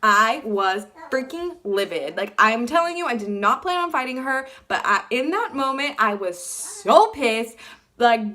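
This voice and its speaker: Bright-voiced woman telling a story. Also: fairly high pitch, unhurried. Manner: animated, fillers like "like" throughout, acts out quotes. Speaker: vlogger. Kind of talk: casual storytelling.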